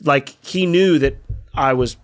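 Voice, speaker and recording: A man's voice: a little high, slow pace. Middle-aged guy from california spinning a story, swears a ton, does all the voices himself. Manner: animated, profane, acts out quoted voices. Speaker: guest, skate video filmer. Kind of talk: casual storytelling in a podcast interview.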